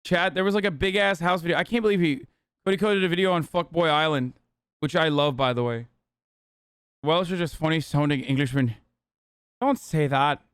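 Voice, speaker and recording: Clear-voiced joking male streamer. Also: a little high, brisk, fairly bright tone, no room sound, studio quality. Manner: profane, joking, sarcastic. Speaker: streamer host. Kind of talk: casual livestream reaction.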